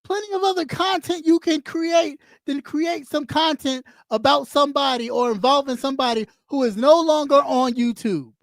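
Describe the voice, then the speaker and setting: Her high-pitched voice comes through at normal speed with few pauses, recorded in echo-free studio quality. As host of a live stream, she delivers ranting commentary, berating her viewers with blunt profanity and repeating lines to drive them home.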